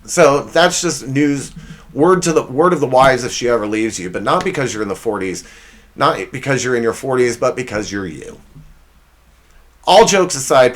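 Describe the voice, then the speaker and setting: A man in his forties hosting a comedy podcast, roasting things with loud mock outrage and dropping into quiet sincerity, a bit out of breath. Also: medium pitch, moderate pace, slight background noise. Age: 40s. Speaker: podcast host.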